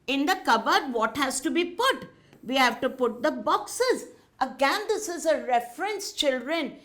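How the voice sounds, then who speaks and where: A woman with an Indian English accent teaching a grammar lesson to children in a slow, sing-song teacherly way. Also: high-pitched, a bit bright.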